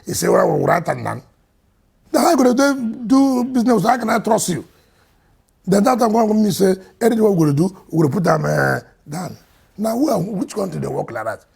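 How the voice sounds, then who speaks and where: A man with a Nigerian accent, a state governor answering interview questions emphatically, swinging between loud and quiet. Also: high-pitched, sing-song, brisk, gravelly, breathy edge.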